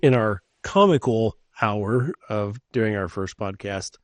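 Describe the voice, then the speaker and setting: Low-voiced middle-aged man chatting. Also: slow pace, no echo. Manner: animated storyteller, swears freely. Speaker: podcast co-host. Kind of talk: casual podcast chat.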